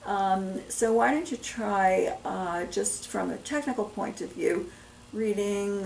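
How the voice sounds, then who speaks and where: A woman's voice: mid-range voice, slow pace, vocal fry, darkish tone. A woman teaching Greek, coaching a student with guiding questions and encouragement. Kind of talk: coaching a student through a reading. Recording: echoey room, mic far off, noisy.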